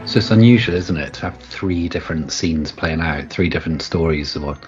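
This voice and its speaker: A man co-hosting a casual film commentary, relaxed and wry. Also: very deep voice, fairly quick, over music. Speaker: podcast co-host. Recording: dull sound with loud film score.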